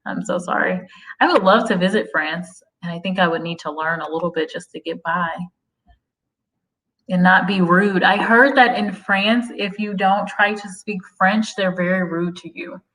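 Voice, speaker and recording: A woman's voice: lowish voice, moderate pace, fairly bright tone, low-quality recording. A young woman from the United States chatting on a live stream, reading viewer comments aloud and answering them. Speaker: livestream host. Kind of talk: casual livestream chat.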